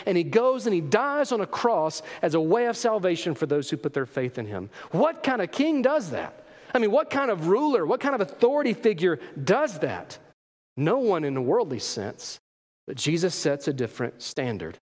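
A man's voice: high-pitched, sing-song, moderate pace. A male pastor preaching a sermon, asking rhetorical questions and repeating key phrases for emphasis. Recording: long reverb of a large hall.

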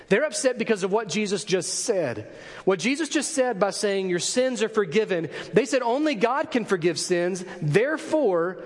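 A man preaching a sermon to a congregation, swinging between loud emphasis and hushed asides and acting out the voices of the crowd. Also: sits high. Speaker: pastor. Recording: long hall reverb.

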